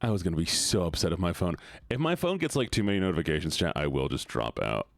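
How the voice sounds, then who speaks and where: A man's voice: low voice, very animated, quick pace, gravelly, dry recording. A young man streaming a game, chatting casually with his chat, laughing and swearing often. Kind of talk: casual live-stream chat while gaming.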